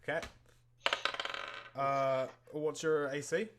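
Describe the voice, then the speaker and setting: A man's voice: a little high, level tone, slow, background noise. A man running a tabletop game as game master in a live stream, talking casually and laughing often.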